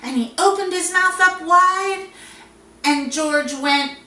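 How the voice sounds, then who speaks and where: Woman children's librarian for storytime: bright, unhurried, sing-song, a bit off-mic in an echoey room. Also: extremely high pitch, distant mic. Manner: animated, sing-song, talking to young children. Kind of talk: storytime with songs and reading aloud.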